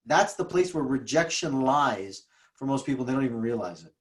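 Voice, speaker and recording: A man's voice: medium pitch, lively intonation, normal speed. A man telling stories in a casual interview, emphatic and often repeating himself. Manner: emphatic, repetitive, restarts often. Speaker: guest speaker, trauma coach.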